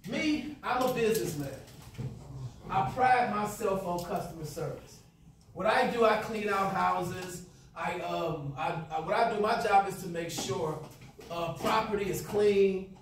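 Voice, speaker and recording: A man's voice: high voice, a little slow, a little hiss or hum. A man teaching a class, lecturing with role-play and quizzing students in call-and-response. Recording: echoey classroom from far off.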